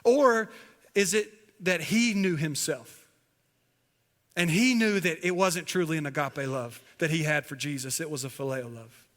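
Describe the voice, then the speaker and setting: A man's voice: a little high, moderate pace. Male pastor preaching in a reverberant church. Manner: preaching with dramatic swings between loud emphasis and hushed quiet. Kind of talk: sermon. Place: church sanctuary. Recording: long hall reverb from a church sanctuary.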